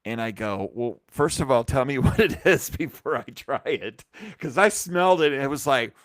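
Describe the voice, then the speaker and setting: A man hosting a live stream, telling a rambling, animated anecdote full of restarts and acted-out quotes. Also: mid-range voice, moderate pace, no echo, clean studio sound. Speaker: brewery company host. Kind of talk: casual storytelling on a live stream.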